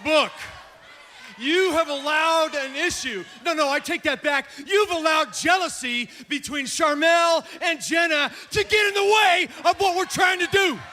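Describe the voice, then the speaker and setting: A man giving a shouted, commanding speech in a wrestling ring, scolding his group. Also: very high-pitched, a little slow. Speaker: wrestler cutting a promo. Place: arena ring.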